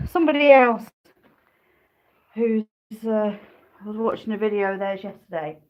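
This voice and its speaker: A woman with a mid-range voice live-streams from her farm, showing off her sheep and goats while rambling and cooing at them. She's a smallholder vlogger, and the dull audio carries a little hiss or hum.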